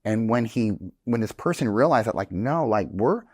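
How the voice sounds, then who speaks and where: Brief: man, 40s, low voice, chatty storyteller, swears casually, dead-dry podcast mic. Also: expressive, moderate pace, slightly rough, no room sound. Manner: rambling storyteller, acts out quoted dialogue, swears. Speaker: podcast guest, real estate instructor. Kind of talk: casual chat.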